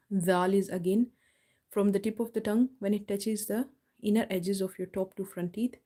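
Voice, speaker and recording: Patient woman teaching recitation, mellow voice. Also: mid-range voice, steady tone. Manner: slow, drawn-out model recitation between explanations; patient step-by-step explaining. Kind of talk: live online tajweed lesson.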